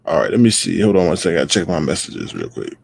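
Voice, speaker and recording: A man's voice: sits low, huge pitch swings, rapid-fire, vocal fry, slightly rough, no room sound. A man hosting a casual livestream, greeting viewers by name in a loose, playful way. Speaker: livestream host.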